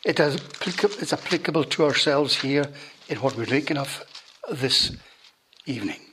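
A man preaching a sermon and leading a prayer, slow and deliberate, often dropping to a hush at the ends of phrases. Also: mid-range voice, lively intonation, noisy background. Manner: slow, deliberate preaching that drops to hushed endings.

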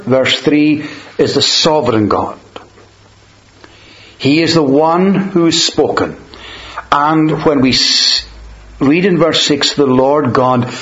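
A man preaching a sermon, measured and emphatic, slowing down on quoted verses. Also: medium pitch, fairly bright tone. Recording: dull lo-fi sound in a roomy space.

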